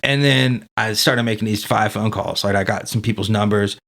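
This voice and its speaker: A man's voice: lowish voice, steady tone, normal speed, creaky, a bit bright. A man as a podcast guest telling his story in a casual, candid way, swearing freely and leaning on fillers like "dude" and "man".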